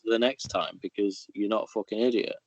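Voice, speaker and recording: A man's voice: on the low side, steady tone, brisk, dry recording, highs cut off. A man co-hosting a podcast, giving blunt opinions in casual chat and swearing freely. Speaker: podcast co-host.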